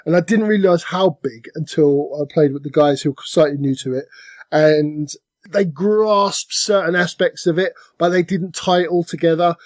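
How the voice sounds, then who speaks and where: A man's voice: a little high, no room sound. A man co-hosting a podcast, chatting casually about board games and slipping into silly voices now and then. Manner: animated, slips into silly put-on voices. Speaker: podcast co-host.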